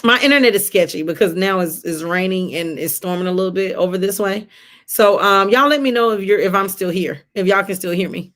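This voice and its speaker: A woman, telling a personal story on a live stream in a conversational, animated way and talking to viewers as y'all. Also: medium pitch, fairly quick. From Atlanta area, US. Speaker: livestream host. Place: home, during a rainstorm.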